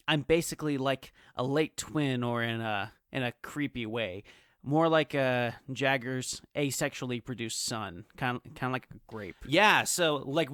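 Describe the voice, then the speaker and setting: A man's voice: medium pitch, a bit bright, clean tone, dry recording, studio quality. A man hosting a comedic in-character podcast, rambling and often breaking into laughter. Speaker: podcast host.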